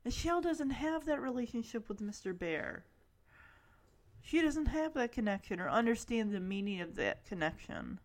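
A woman's voice: fairly high pitch, expressive, normal speed. A woman giving a chatty, affectionate recap of a television episode, full of asides and small laughs. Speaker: show recap host. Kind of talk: casual episode recap commentary.

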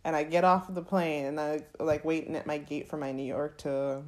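A woman's voice: deep voice, level tone, normal speed. An American woman co-hosting a podcast, chatting casually with many "like" fillers. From United States. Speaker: podcast co-host. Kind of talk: casual chat.

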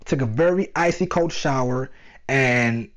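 A young man telling his own story in a casual, animated way, using slang and talking straight to his listeners. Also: medium pitch, a little slow. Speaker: vlogger. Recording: dull lo-fi sound.

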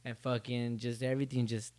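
A man's voice: mid-range voice, flat delivery, a little fast, a little mellow, dry recording. A young man hosting a solo podcast, rambling casually with lots of swearing and jokes. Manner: profane, rambling, joking. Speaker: podcast host.

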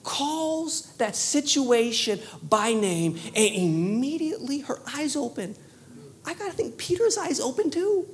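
A woman preaching a sermon, telling a story with lively animation, often repeating words and restarting. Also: high voice, measured pace. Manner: animated storytelling, laughing at herself.

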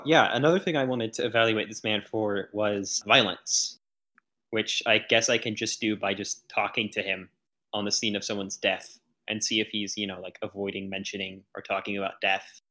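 A man's voice: fairly low pitch, fairly even intonation, normal speed, pushed and bright. A man playing in a tabletop game, casual and blunt, talking plainly about his character's moves. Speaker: player. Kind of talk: casual tabletop role-play.

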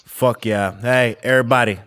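A man hosting a casual podcast chat, blunt and profane, getting animated when riled up. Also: mid-range voice, moderate pace, clear, resonant tone. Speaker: podcast host.

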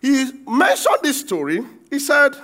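Male preacher with a very high voice who quizzes the room and acts out the verses. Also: wildly swooping pitch, measured pace. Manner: quizzes the congregation, acts out quoted lines with shouts. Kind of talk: sermon with call-and-response.

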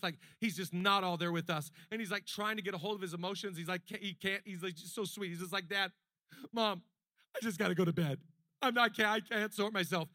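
Male pastor, high bright tenor, dry close sound, chatty sermon that swells into emphatic repetition. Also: no room sound. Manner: conversational preaching that builds to emphatic repetition.

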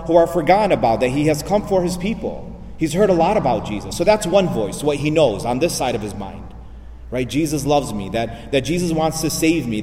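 A man's voice: medium pitch, a little mellow, recorded from a distance, slight background noise. A man, a priest, preaching a sermon, repeating phrases and asking rhetorical questions. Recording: echoey hall, voice from afar.

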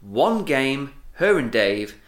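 A man's voice: medium pitch, sing-song, slow pace. Man, podcast co-host, playful episode recap, mid-range voice, echoey room. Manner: playful, summarising with jokey asides. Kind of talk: casual recap and chat. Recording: roomy echo.

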